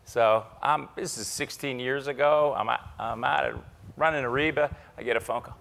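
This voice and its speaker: A middle-aged man from Ohio, an interview guest telling anecdotes in an animated way, repeating himself as he gathers his thoughts. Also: medium pitch, moderate pace, vocal fry. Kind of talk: anecdotal storytelling.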